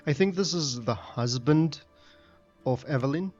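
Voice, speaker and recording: A man's voice: a little high, expressive, a little slow, a little mellow. Male let's play host, thinks aloud while playing, dull lo-fi audio with faint game music. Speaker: gaming channel host.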